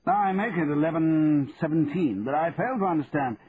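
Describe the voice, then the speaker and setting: A stiff, put-out male solicitor, as a male narrator voices him, pitched above the narrator's plain reading. He sounds a touch distant. The sound is thin and phone-like with faint hiss. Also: normal speed, close to an everyday voice. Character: male solicitor woken at night. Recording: tinny narrow band, faint hiss.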